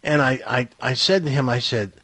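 Man, storyteller, talk show host, slightly husky, dry close sound. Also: mid-range voice, moderate pace, dry recording. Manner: animated anecdotal storytelling with acted quotes.

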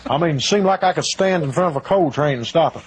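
A man telling rough stories from his past in a rambling, colloquial way, played from a documentary. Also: on the high side, fast. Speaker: documentary interviewee.

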